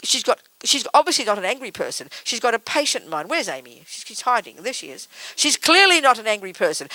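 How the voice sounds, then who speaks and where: A woman Buddhist teacher speaks to a live audience with a bright, cutting tone. Her pitch swoops and climbs freely as she drives home blunt points with teasing asides. The sound is close and dry. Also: dry recording, low-quality recording. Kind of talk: public talk. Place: talk before a live audience.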